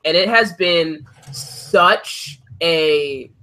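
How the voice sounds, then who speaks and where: A man's voice: a little high, very slow, pushed and bright. A man hosting a casual podcast chat, rambling with many fillers and hesitations. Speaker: podcast host.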